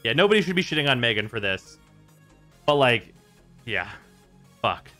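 A man's voice: mid-range voice, normal speed, faint music behind. A man hosting a gaming stream, ranting in casual chat with lots of swearing. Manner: exasperated, swearing, animated rants. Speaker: streamer host.

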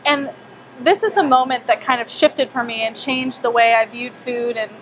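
Animated young woman telling a story. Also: fairly high pitch, normal speed, a little hiss or hum. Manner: animated, acts out her own inner voice, frequent "like". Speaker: wellness speaker. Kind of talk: personal storytelling talk. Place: small meeting room with a group.

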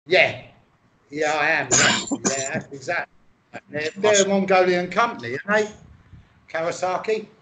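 A man from England with a noticeably high voice, co-hosting an improvised comedy chat. He rambles through absurd claims in a mock-earnest way and swears freely. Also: moderate pace, pushed and bright. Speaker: comedy co-host.

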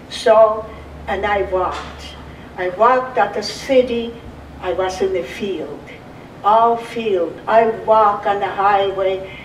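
A Russian woman in her eighties gives her oral history as a survivor, telling her life story in simple, broken English with a Russian accent. Her medium-pitched voice is recorded off-mic in an echoey room, with a little hiss or hum.

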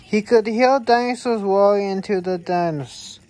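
A woman reading a children's picture book aloud, in a slow, halting way with small stumbles. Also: mid-range voice, a little mellow. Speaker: reader.

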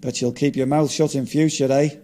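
A man's voice: mid-range voice, steady tone, brisk, warm tone, lightly acted. A man voicing a resurrected famous singer, wry and self-mocking. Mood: downbeat. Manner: dry, self-mocking quips.

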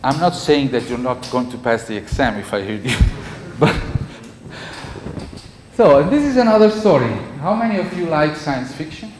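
A man's voice: fairly high pitch, lively intonation, normal speed. A male university professor with an Italian accent giving a classroom lecture, conversational and checking in with the class often. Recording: echoey lecture hall, faint noise.

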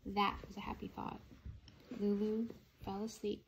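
A woman, a mother, reading a children's chapter book aloud in an expressive, unhurried way. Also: mid-range voice, gravelly, a little hiss or hum.

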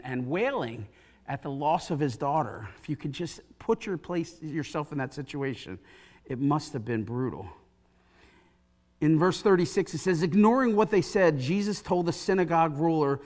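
A pastor preaches in a church, his voice sitting a little higher than most men's. He tells the scripture story with feeling and acts out the voices of the people in it. He speaks into a pulpit microphone. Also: moderate pace. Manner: animated storytelling, acting out quoted voices. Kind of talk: sermon. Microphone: pulpit mic.

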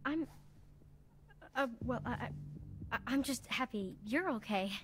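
A woman's voice: fairly high pitch, expressive, takes it slowly. A nervous, stammering young woman. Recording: game audio with ambient noise.

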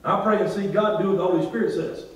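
A man preaching a sermon as pastor, drawing responses from the congregation and swinging between loud and hushed delivery. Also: sits high, fairly even intonation, fast. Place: large church hall. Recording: very echoey church hall, from far off.

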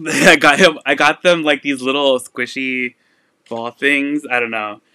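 A young man chatting away as he hosts a live sale stream, his voice bright and forward. The tone is smooth and clean, recorded dry and close with no room sound. He rambles easily, full of fillers and little laughs. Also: medium pitch, fairly even intonation, unhurried, no room sound. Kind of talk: casual live-stream chat.

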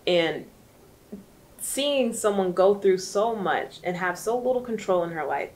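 A woman's voice: mid-range voice, expressive, a little slow, a little mellow. A woman reviewing a book in casual chat, chatty and emotional, rambling with lots of fillers.

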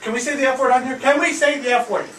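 A young man giving excitable gameplay reaction commentary, trash-talking with loud outbursts. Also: very high voice, racing. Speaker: gaming YouTuber. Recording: echoey room, distant mic, noisy.

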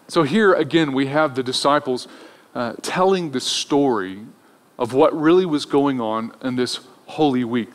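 Conversational male pastor with long reverb. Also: mid-range voice. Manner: conversational, acts out voices in retold scenes. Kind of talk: Easter sermon.

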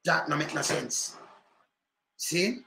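A man's voice: fairly high pitch, slow pace, vocal fry, reverberant, noisy background. A man with a Jamaican accent, commenting on politics in patois with rhetorical questions. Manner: animated patois ranting, repeated rhetorical questions.

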